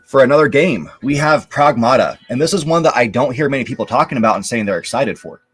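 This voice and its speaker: A man's voice: medium pitch, quick pace, breathy edge, soft background music. Casual rambling man hosting a live show. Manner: relaxed, rambling, lots of fillers. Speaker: show host. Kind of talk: casual live-stream commentary.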